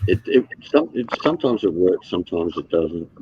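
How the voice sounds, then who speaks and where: A man's voice: sits low, sing-song, moderate pace, mellow, breathy edge, dry recording. A man in casual chat, talking hesitantly with many fillers and some swearing, on a dull, muffled mic.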